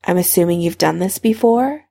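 Harry, a woman reading a calm, teasing man. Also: fairly low pitch, normal speed, gravelly. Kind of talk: fan fiction reading.

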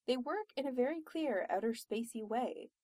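Woman reading as loud blunt young gal, sarcastic, voice jumps all over. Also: a little high, animated, moderate pace, no echo.

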